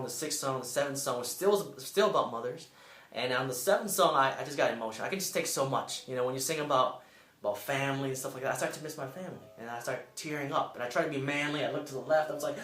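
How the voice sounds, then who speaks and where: A young man who was a Peace Corps volunteer shares a heartfelt personal story on camera, his fairly bright voice echoing in the room. When quoting others, he raises his pitch to play their parts.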